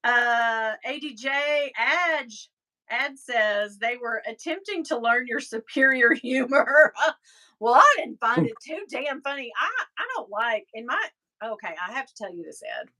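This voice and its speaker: A middle-aged livestream host with a fairly high, bright, forceful voice chats casually, tells stories and reads viewer comments aloud. Her intonation is animated, though her pace is a little slow.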